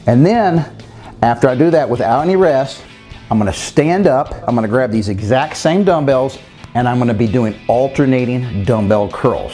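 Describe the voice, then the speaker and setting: A man's voice: medium pitch, mellow. A man giving workout instructions, talking straight to viewers and counting reps aloud, winded between sets. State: winded while exercising. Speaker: fitness trainer.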